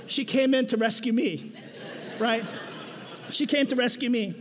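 A young man preaching in a very high voice, talking with his congregation more than at it and peppering each point with "right?". He tells stories with self-mocking humor. His voice rings with long reverb, as in a large hall. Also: unhurried, some chatter behind. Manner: conversational, keeps asking "right?". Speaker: pastor. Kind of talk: sermon. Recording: echoey hall.

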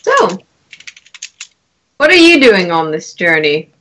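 Woman player, lively and bright, chatty in character. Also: fairly low pitch, slow, poor audio. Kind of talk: casual tabletop game chat.

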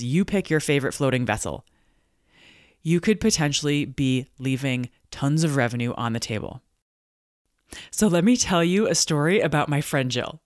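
A woman from Montana hosting a solo podcast, telling stories in an animated way and acting out voices of the people in them. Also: rumbling low, moderate pace, dry recording, studio quality. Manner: animated storytelling, acts out quoted voices. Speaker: podcast host and business coach.

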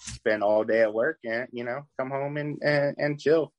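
A man co-hosting a casual podcast, talking in a relaxed, laid-back way with small chuckles. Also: medium pitch, moderate pace, dry recording, dull audio. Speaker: podcast co-host. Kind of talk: casual chat.

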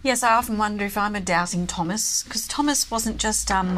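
A woman's voice: mid-range voice, moderate pace, few pauses, fairly bright tone, a little hiss or hum. A woman guest sharing her own faith in an earnest, personal way. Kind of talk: devotional conversation.

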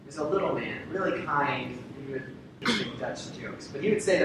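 A man preaching a sermon with a slightly raised voice, heard from a distance in a very reverberant church sanctuary. He drives his points home by repeating key phrases and asking the congregation rhetorical questions. A low rumble of background noise sits under the recording. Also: normal speed. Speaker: pastor. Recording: very echoey hall, distant mic, rumble.

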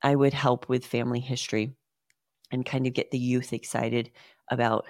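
A woman's voice: a bass voice, flat delivery, normal speed, a little mellow, no room sound, studio quality. A woman in her thirties from Utah, hosting a podcast and telling a personal story in an earnest, emotional way, often calling her listeners "guys". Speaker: podcast host.

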